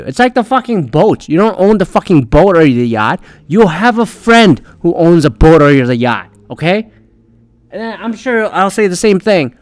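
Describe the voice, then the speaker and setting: A man's voice: high voice, normal speed, no echo. Man ranting profanely on his podcast. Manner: profane, rambling, animated. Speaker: podcast host. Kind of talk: profane solo rant.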